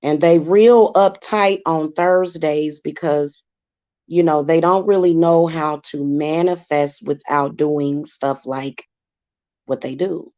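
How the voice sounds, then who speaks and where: Sassy woman host, low-pitched, chatty, muffled lo-fi sound. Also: steady tone, slow, mellow. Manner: chatty, sassy, repetitive fillers. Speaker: spiritual channel host. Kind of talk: casual monologue. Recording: dull lo-fi sound.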